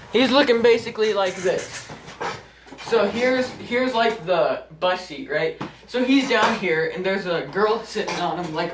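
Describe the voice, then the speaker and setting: A teenage boy vlogging, casually telling a story to the camera, animated and full of swearing as he acts out what happened. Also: high voice, noisy background. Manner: animated, profane, acts out the scene.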